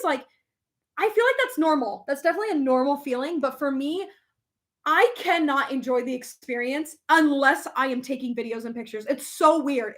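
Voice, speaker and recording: A young adult woman chatting casually as a vlogger, reading comments aloud, emotional and quick to laugh, with many fillers. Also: high-pitched. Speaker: vlogger reading live chat. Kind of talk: casual chat.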